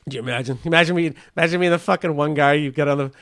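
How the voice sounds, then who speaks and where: Man, comedy podcast host, profane rambling rant, smooth clear voice, dry sound. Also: a little high, very fast, fairly bright tone, no echo. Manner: profane, rambling, stumbles over words.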